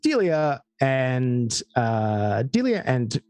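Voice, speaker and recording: A man with an Australian accent, narrating a tabletop game as game master, relaxed and full of fillers. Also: medium pitch, extremely slow, dry recording. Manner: relaxed storytelling with frequent fillers.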